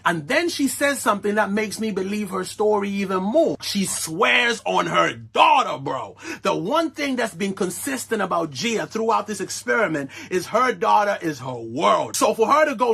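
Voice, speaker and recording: A man giving casual, animated recap commentary on a reality show, full of slang and laughing asides. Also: high-pitched, moderate pace, creaky, slightly rough. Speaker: reaction vlogger.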